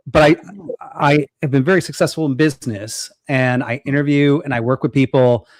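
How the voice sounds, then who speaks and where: A man's voice: mid-range voice, steady tone, no echo. A man debating in a casual chat, arguing his point and acting out little scenarios in quotes. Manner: argumentative, quick to act out scenarios in quotes. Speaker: guest.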